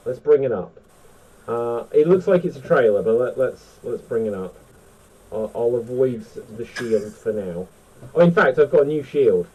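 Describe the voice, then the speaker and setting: A man hosting a casual panel chat, excitable and chatty. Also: medium pitch, husky, dull audio. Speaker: host.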